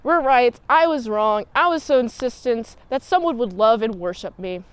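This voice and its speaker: A woman's voice: fairly high pitch, expressive, moderate pace, clear, resonant tone, no echo, natural voice. A woman voicing a lonely, self-pitying godlike alien man who pleads to be loved and worshipped. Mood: mournful.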